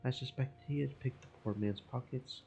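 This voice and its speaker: A man voicing a gruff, plain-spoken old sailor who cannot abide dishonesty. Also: mid-range voice, moderate pace, mellow, a little hiss or hum, voice pushed up, lightly acted, rough recording. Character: old seafaring man, blunt and honest.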